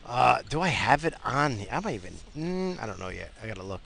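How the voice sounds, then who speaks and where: A tired man rambles through a casual monologue from his car as host of his own show. His voice is gravelly and fry-laden, yet bright and forceful in tone, and he restarts sentences often. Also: mid-range voice, expressive, moderate pace, hardly any pauses, slight background noise. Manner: rambling, with frequent restarts and fillers. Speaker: podcast host. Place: in a car, driving.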